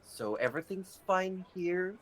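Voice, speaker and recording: A tired, put-upon woman official with a dry, exasperated edge, voiced by an Australian man in his own easy register. She talks with a lively rise and fall. She sounds fed up with every new problem in a tabletop game. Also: high-pitched, unhurried, pitched above the performer's own voice. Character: weary overworked female town official.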